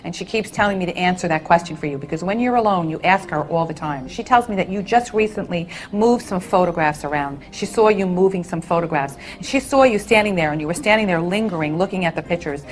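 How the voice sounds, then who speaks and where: A woman's voice: on the low side, quick pace, hardly any pauses, poor audio. A woman working as a psychic medium, giving a stage reading to audience members in a soothing manner and calling them honey and sweetheart.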